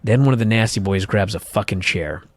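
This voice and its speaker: A man's voice: on the low side, a little fast, no echo. A man co-hosting a podcast, telling a story in a casual, exasperated way and swearing often. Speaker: podcast co-host. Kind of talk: casual recap chat.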